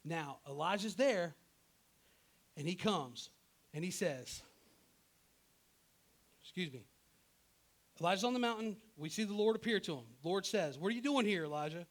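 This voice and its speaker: Guy preaching, chatty and animated, kinda higher voice, keeps saying right?. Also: unhurried, long pauses. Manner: animated, acts out characters in his own voice; conversational, often asks "right?". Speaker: pastor. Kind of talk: sermon.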